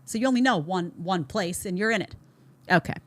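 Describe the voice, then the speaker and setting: A woman's voice: on the low side, a little fast, dry recording. Blunt woman podcast host, dry sound. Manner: blunt, emphatic, sarcastic asides. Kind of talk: reaction commentary.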